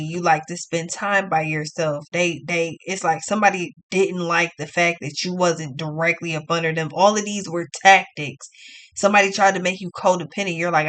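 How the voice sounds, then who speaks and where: A woman's voice: on the low side, fairly bright tone. Blunt, cussing woman tarot reader. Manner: blunt, profane, ranting. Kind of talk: casual tarot reading.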